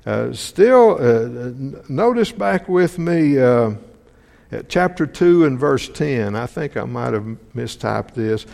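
A man's voice: mid-range voice, animated, slow, creaky, a little mellow. A man preaching a sermon, reading scripture and putting questions to the congregation, often repeating words as he restarts. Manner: asks the congregation many questions. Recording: long hall reverb.

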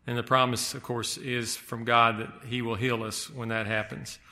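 A man preaching a sermon, speaking haltingly with frequent restarts and slowing down to stress key words. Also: mid-range voice, little pitch movement, sharp tone.

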